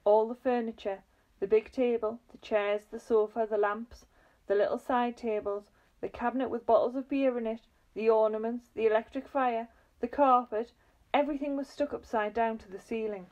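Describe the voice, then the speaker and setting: A woman reading a children's book aloud, lively and expressive. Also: fairly high pitch, moderate pace, highs cut off. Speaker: reader.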